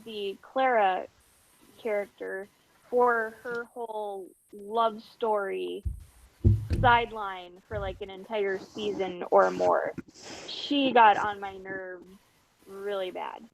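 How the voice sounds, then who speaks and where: A woman in casual podcast chat, halting and searching for her words. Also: mid-range voice, fairly even intonation, creaky, a little hiss or hum, poor audio.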